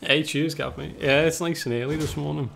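A man's voice: a little high, steady tone, fairly quick, creaky. A man casually commenting while playing a card game, chatty and muttering to himself.

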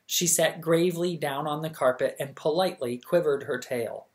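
A reader narrating a children's novel at bedtime, measured and even. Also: mid-range voice. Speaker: audiobook reader. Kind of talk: scripted storybook narration.

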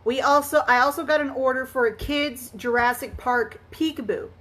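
A chatty woman with a high voice hosts a live crafting stream. She greets her viewers one by one and laughs easily as she talks. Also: normal speed, a bit bright. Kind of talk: casual live-stream chat while crafting.

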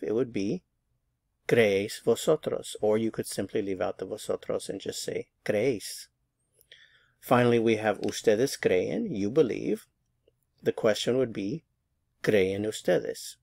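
A man teaching a language lesson, drilling words slowly and carefully with clear stress. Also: on the low side, a little mellow, no room sound, studio quality. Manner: slow, careful pronunciation drills.

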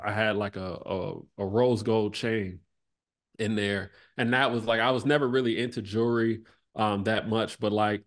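Low-voiced man, relaxed reflective talk. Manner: relaxed, lots of "like" and "you know", trails off softly. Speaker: podcast guest, former basketball player. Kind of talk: reflective conversational interview.

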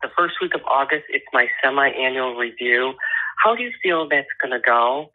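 A woman's voice: rumbling low, animated, normal speed. A woman from Ohio calling in to a radio show, asking a question in a plain, slightly hesitant way. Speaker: caller. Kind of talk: phone-in question. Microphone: telephone. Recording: tinny phone line.

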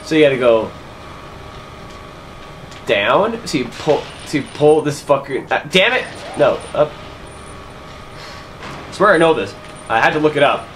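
A man's voice: mid-range voice, expressive, measured pace, long pauses, a bit bright, slight background noise. A young man giving casual let's-play commentary, muttering to himself and swearing often in frustration. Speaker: gaming commentator.

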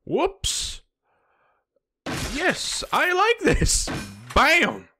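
A young man hosts a let's play video, talking to his viewers while he fights the game. His voice leaps all over the place, from low grumbles to sudden high yelps, with a bright, keen edge. He swears and pleads with the screen, and a faint hiss sits under the recording. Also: wildly swooping pitch, extremely slow. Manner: frantic, swearing, yelling at the game. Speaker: gaming video host.

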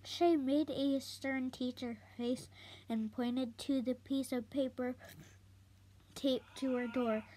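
A woman reading a children's book aloud slowly, halting now and then to correct herself. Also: sits high, steady tone, dark tone. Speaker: storybook reader.

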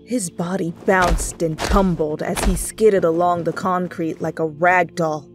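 A woman narrating a second-person fanfiction story in a soft storytelling voice. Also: on the low side, steady tone, measured pace, music in the background. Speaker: fanfiction reader.

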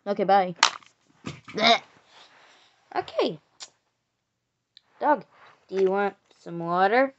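A woman's voice: mid-range voice, animated, slow, long pauses, slight background noise. A young woman voicing her own homemade cartoon, playful, with sing-song humming and silly noises. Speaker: hobby animator voicing all characters. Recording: dull lo-fi home recording.

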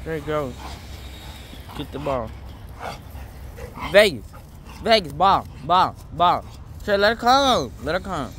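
A man's voice: a little high, slow, pauses often, a little hiss or hum. Laid-back man calling dogs outdoors. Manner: relaxed, calls dogs and chats offhand. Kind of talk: casual family chat.

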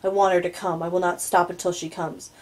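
Female audiobook reader; lower voice, steady first-person narration. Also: a little fast, rough recording. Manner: steady, low-key storytelling with occasional stumbles. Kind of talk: first-person novel reading.

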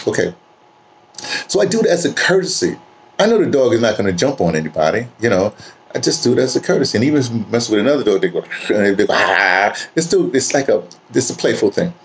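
A man's voice: medium pitch, very animated, fast. A man talking to camera in a casual, rambling monologue, repeating words and saying "you know" often, in a home setting. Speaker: vlogger.

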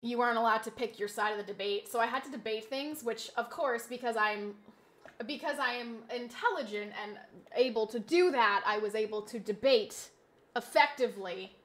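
A woman streaming a game, chatting casually with her audience, reading chat aloud and slipping into animated, mock-indignant rants. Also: on the high side, normal speed. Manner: chatty, reads chat aloud, laughs easily. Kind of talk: casual live-stream chat while gaming.

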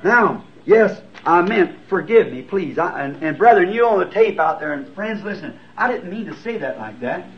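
A man's voice: sits high, lively intonation, normal speed, hardly any pauses. A man in his fifties with a Southern US accent, preaching a sermon and answering written questions in an earnest, folksy, self-deprecating way. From United States. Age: 50s. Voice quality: old, lo-fi tape recording. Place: church sanctuary. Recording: dull lo-fi tape recording. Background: congregation answering amen.

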